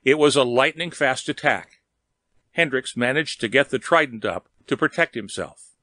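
Man reading a story aloud, steady and measured, mid pitch, dry close sound. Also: dry recording. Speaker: narrator. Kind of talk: audiobook reading.

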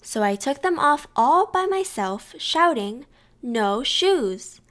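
Woman, storyteller, children's picture book read-aloud, slow and expressive, higher voice.

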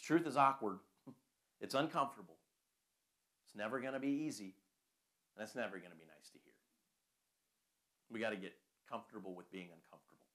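A man's voice: fairly low pitch, a little fast, long pauses, fairly bright tone. A man preaching a conversational sermon full of rhetorical questions.

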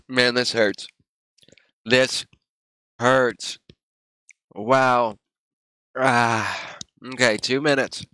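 A man's voice: medium pitch, fairly even intonation, slow, long pauses, bright, forceful tone, no echo. A man livestreaming casually, rambling and groaning in pain with teary eyes and a running nose. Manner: rambling, groaning and gasping from spicy heat. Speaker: streamer.

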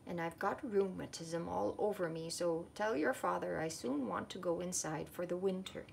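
A woman's voice: fairly low pitch, normal speed, gravelly, slight background noise. A woman voicing an achy, cross old scarecrow who complains and threatens, in a storybook reading.

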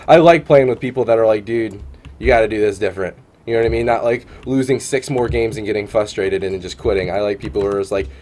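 This man, a tournament caster and streamer, has a mid-range voice with a darkish tone. He casts a live esports event and chats cheerfully between matches, his talk full of "uh" and "man."

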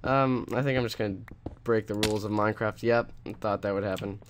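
A young man's voice, on the low side and steady in tone, comes through fairly quickly with a bit of background noise. He's a let's play host casually chatting about his own play, sarcastic and rambling, with rants and restarts.

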